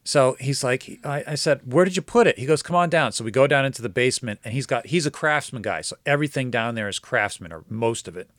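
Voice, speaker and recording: A man's voice: medium pitch, fast, few pauses, dry recording. Male podcast host, casual storyteller, dry close mic. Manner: animated, quotes others in dialogue, gets excited.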